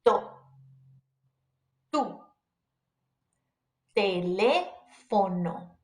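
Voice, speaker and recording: A woman teaching beginners, drilling syllables slowly and repeating each example word twice. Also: on the high side, fairly bright tone. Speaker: Spanish teacher. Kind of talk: beginner pronunciation lesson. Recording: echoey room.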